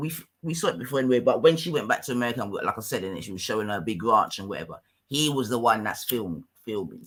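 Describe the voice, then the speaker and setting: A London-accented man hosting a livestream, pausing to recap for viewers who are behind. His voice is bright and ringing at an ordinary pitch for a man, and he keeps checking in with his listeners. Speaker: livestream host. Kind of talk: livestream commentary.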